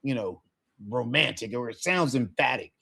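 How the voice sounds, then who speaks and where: A man's voice: mid-range voice, expressive, moderate pace, creaky, pushed and bright, husky. A man teaching a live Spanish lesson, encouraging his student and checking in with frequent questions.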